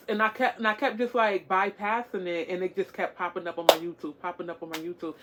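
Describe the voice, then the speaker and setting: A woman's voice: fairly low pitch, fairly even intonation, quick pace, few pauses, a bit bright, slight background noise. A woman talking casually to the camera as a tarot-reading vlogger, encouraging and repetitive, with many fillers.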